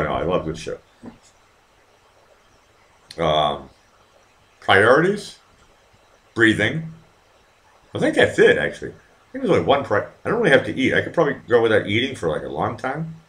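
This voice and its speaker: His voice sits on the low side with a slight brightness. He's the host of a live online show, rambling and cursing freely over drinks as he talks casually with the chat.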